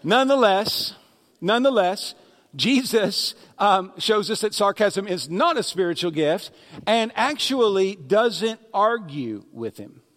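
A man's voice: high voice, lively intonation, measured pace, fairly bright tone, long reverb tail. A man pastor delivering a sermon in a conversational preaching manner, with sarcastic asides, in a church sanctuary.

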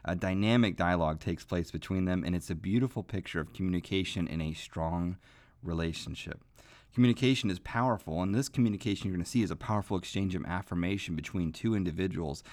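A man with a somewhat low voice talks through a Bible passage in a relaxed teaching tone. He is earnest, often pausing on "um" and "uh" and restarting his sentences mid-thought. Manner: earnest, with frequent fillers and restarts.

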